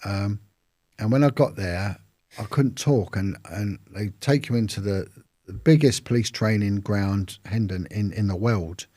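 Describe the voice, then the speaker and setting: A man's voice: on the low side, a little slow, mellow, no echo, studio quality. A man with a London accent, an interview guest telling a long story in a casual, rambling way with acted-out quotes. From London, England.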